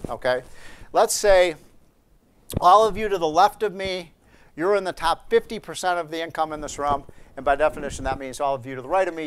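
Chatty man speaking to students. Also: fairly high pitch. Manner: chatty anecdotal delivery with frequent restarts and asides. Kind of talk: storytelling speech to students. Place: seminar room with a live audience.

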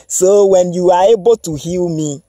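A man's voice: high voice, moderate pace, warm tone, dry recording. A man mimicking a whiny, broke client who pleads to be healed before paying. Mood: pleading.

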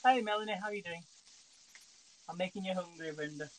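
A man's voice: sits high, fairly quick, a little hiss or hum, rough recording. Man, chatty live cooking host, home kitchen, phone mic, frying sizzle behind. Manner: chatty, talks straight to viewers. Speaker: home cook hosting a live stream. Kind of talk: casual live cooking demo.

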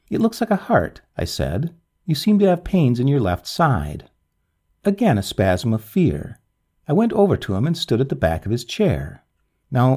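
Male storyteller, classic ghost tale, dramatic reading, very animated pitch, gravelly husky voice. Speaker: narrator.

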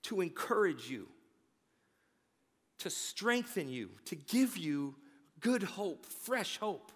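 Male pastor, fairly high voice, lively casual sermon delivery with stumbles, church reverb. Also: takes it slowly, slightly rough. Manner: energetic, conversational, occasional stammering. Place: large church sanctuary.

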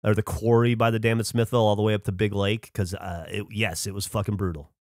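A man's voice: lowish voice, flat delivery, quick pace, no room sound, clean studio sound. A man co-hosting a podcast in casual chat, blunt and wry, swearing freely. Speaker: podcast co-host.

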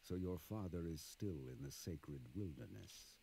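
An actor playing a stern older male ninja master who hungers for power, speaking grave, measured lines in a video game cutscene. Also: low-pitched, animated, creaky, dark tone, heavily acted, low-quality recording. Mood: probing.

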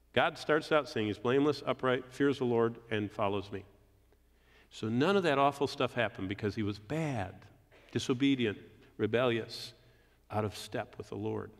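A man preaching a sermon, walking through scripture with animated swings between loud emphatic peaks and low, quiet stresses. His voice sits at a medium pitch. A long reverb trails every line, as in a large hall.

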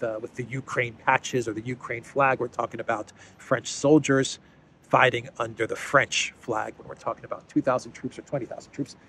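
A man's voice: mid-range voice, a bit bright, a little hiss or hum. A man hosting a casual political commentary show, talking in a conversational way, repeating words as he thinks and adding sardonic asides.

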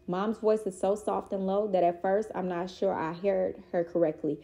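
Woman reading a kids book aloud, mellow warm voice, steady. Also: mid-range voice, normal speed. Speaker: reader. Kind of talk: children's book read-aloud.

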